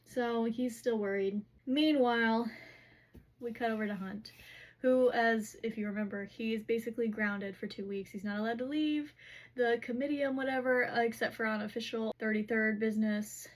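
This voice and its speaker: A woman's voice: fairly high pitch, fairly even intonation, moderate pace. A woman casually recapping a fantasy novel for her vlog, rambling and filler-heavy. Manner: rambling, heavy use of "like" and "whatever". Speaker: book recap vlogger. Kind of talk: casual chatty book recap.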